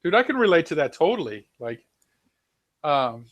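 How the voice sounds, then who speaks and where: Animated man from New Zealand, dry sound. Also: on the high side, moderate pace, no echo, lo-fi sound. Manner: animated, laughs often, swears casually. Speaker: host. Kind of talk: casual chat.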